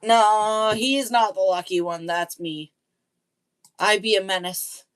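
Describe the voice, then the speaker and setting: Slow-talking woman chatting on a live stream. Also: medium pitch, fairly even intonation, a little hiss or hum. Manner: chatty, self-deprecating, laughs often. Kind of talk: casual live-stream chat.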